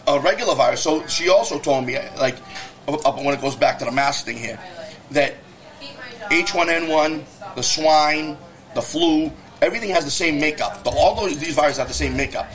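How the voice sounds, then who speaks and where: Brief: male podcast guest, higher-pitched, fast heated profane rants. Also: a bit bright, soft background music. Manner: heated, profane storytelling rant; quick, emphatic talk. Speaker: guest, business owner. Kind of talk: casual podcast conversation.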